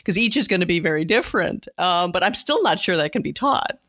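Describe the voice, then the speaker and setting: A woman co-hosting a relaxed talk show about movies. She talks in an animated way, quotes people in put-on voices and breaks into laughter often. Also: lowish voice, fairly quick. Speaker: podcast co-host. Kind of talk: casual conversation about film.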